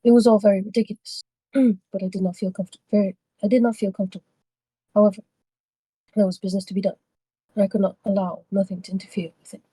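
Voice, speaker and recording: Mellow-voiced woman reading aloud. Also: mid-range voice, little pitch movement, fast, pauses often, breathy edge, no echo, rough recording. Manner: reads steadily with small slips and self-corrections. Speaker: book club member reading aloud.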